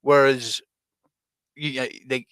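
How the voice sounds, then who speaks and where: A man co-hosting a podcast, telling animated, sweary stories and laughing often. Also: medium pitch, slow, smooth, no room sound, clean studio sound. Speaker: podcast co-host, music producer. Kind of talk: casual chat.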